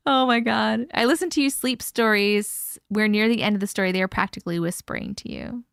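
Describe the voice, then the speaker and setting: A woman's voice: mid-range voice, creaky, clean tone, no room sound, clean studio sound. A young woman from the United States hosting a live stream, chatting casually, swearing freely, laughing often and filling her talk with "like.". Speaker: livestream host. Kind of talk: casual live chat reading viewer comments.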